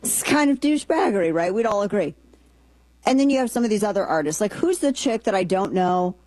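A woman hosting a casual opinion show, talking in an animated, sarcastic, rambling way with lots of asides. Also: medium pitch, brisk, no room sound. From Texas. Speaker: commentary show host.

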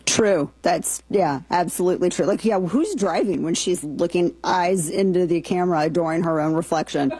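A woman's voice: on the low side, moderate pace, hardly any pauses, mellow, slightly rough, no echo, low-quality recording. A woman hosting a talk radio show, delivering sarcastic, exasperated commentary.

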